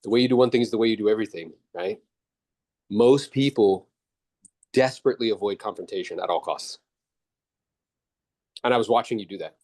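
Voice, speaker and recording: A man's voice: on the low side, fairly quick, pauses often, a little mellow. A man coaching a real estate agent after a role-play, blunt and casual, calling him bro. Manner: briefly mimics others in exaggerated voices.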